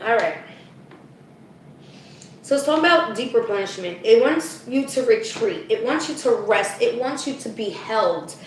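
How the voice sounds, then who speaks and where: A woman's voice: fairly high pitch, heavy reverb, far from the mic, slight background noise, rough recording. A woman giving a live spiritual card reading to her viewers, talking casually, often checking in with "okay?", and losing her voice. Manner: chatty, addresses viewers as "guys", frequent "okay?".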